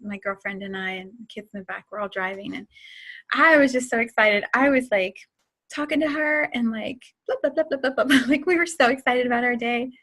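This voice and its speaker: A woman's voice: on the high side, brisk, fairly bright tone. A woman in her forties hosting a casual spiritual talk, chatty and laughing often as she tells stories. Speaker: host.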